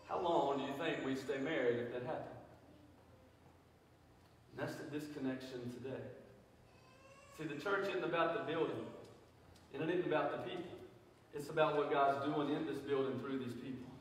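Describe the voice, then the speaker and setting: A man preaching a sermon as pastor, moving from quiet reflection to loud, fervent declarations. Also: mid-range voice, moderate pace, long pauses, a little hiss or hum. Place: large church sanctuary. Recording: echoey hall, mic from a distance.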